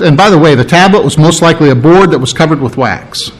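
Man, preacher, sermon, slightly high voice, conversational, emphatic. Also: fairly quick, hardly any pauses, low-quality recording. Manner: conversational, emphatic, checks in with "all right?". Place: church before a congregation.

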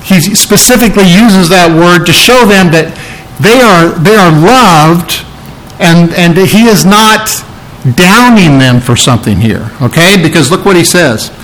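A man delivers a sermon in an earnest teaching tone, working through a scripture passage line by line. His voice sits a little higher than most men's. He often circles back to repeat key phrases for emphasis. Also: expressive, unhurried, a bit bright, low-quality recording. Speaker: preacher.

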